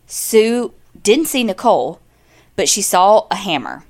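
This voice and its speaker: A woman's voice: medium pitch, big pitch swings, unhurried, darkish tone. Podcast co-host, woman, chatty true-crime storyteller, mid-range voice. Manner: chatty, retells events with quoted dialogue and asides.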